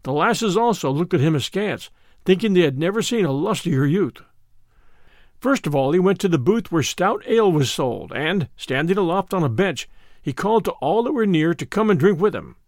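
A man narrating a classic adventure tale as an audiobook, reading in an expressive, theatrical way. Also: high voice, normal speed, dry recording, studio quality.

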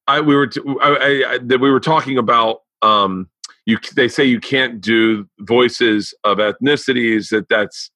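A man's voice: medium pitch, a little slow, pushed and bright, no room sound. A man hosting a podcast in casual chat, cursing freely and stumbling over restarts. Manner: profane, stammering restarts. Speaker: podcast host.

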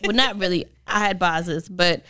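A woman's voice: on the low side, moderate pace, bright, forceful tone. A woman in her thirties co-hosting a casual podcast chat, rambling and laughing easily. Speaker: podcast co-host.

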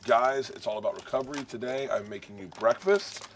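A man hosting a casual cooking chat, excitable and swearing freely while he makes drinks and breakfast. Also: mid-range voice, fairly quick, crowd noise. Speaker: host. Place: indoor kitchen set at an arena.

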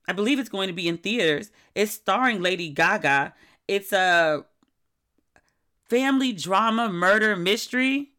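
Candid, wry middle-aged woman podcaster. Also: medium pitch. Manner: candid, chatty and wry, with animated retellings. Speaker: podcast host. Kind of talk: solo podcast monologue.

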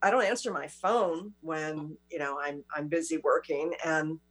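Woman talk-show host, lower pitch, easy chat, lots of affirming. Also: a little slow. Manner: warm listener, frequent affirmations. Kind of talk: casual interview chat.

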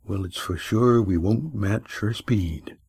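A man voicing a gruff male sailor who mutters dry remarks. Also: mid-range voice, animated, takes it slowly, fairly bright tone, no echo, heavily acted. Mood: muttering.

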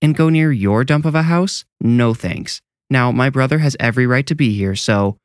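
A man's voice: medium pitch, moderate pace, smooth, no echo, studio quality, pitched above the performer's own voice, close to an everyday voice. A man voicing a bold, protective older sister with a blunt, brash way of talking. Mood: defiant.

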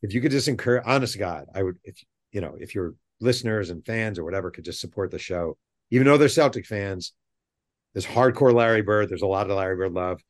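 A middle-aged man, a guest author on a podcast, chatting casually and telling animated stories with rambling asides. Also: lowish voice, quick pace. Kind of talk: casual interview chat.

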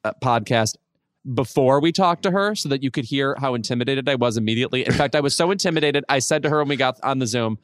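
A man co-hosting a casual pop culture podcast, talking with wry, deadpan asides. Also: mid-range voice, quick pace, clear, resonant tone, dry recording, clean studio sound. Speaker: podcast co-host.

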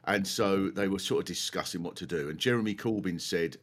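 A man hosting a comedy podcast, telling animated anecdotes and acting out the people in them. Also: sits low, a little fast. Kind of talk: comic conversation and storytelling.

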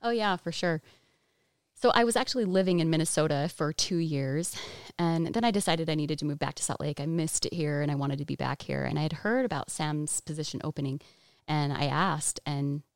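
A woman's voice: low voice, fairly quick, no echo, clean studio sound. Woman interpreter voicing a signed story. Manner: lively storytelling with frequent laughs. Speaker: ASL interpreter voicing a Deaf guest. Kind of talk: casual podcast interview, first-person interpreting.

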